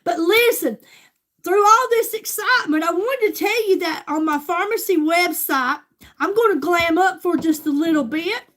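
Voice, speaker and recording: Older woman, high-pitched, gushing livestream host chat. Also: normal speed, fairly bright tone. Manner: chatty, gushing, talks straight to viewers.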